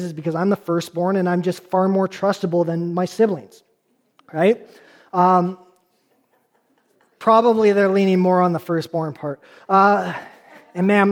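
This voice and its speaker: High-voiced pastor preaching conversationally. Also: male voice, darkish tone. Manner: conversational preaching with asides and rhetorical questions. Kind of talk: sermon.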